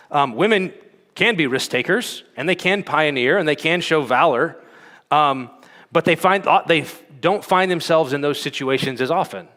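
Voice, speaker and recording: A man's voice: mid-range voice, fairly bright tone. Guy giving a conference talk, chatty with lots of ums, voice echoing around a big hall. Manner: conversational, frequent fillers and "okay?" check-ins. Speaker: conference speaker. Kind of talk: teaching talk. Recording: long hall reverb.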